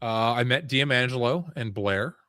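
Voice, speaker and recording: A man in casual chat, telling a long rambling story in an animated way. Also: mid-range voice, a little slow, heavy background noise.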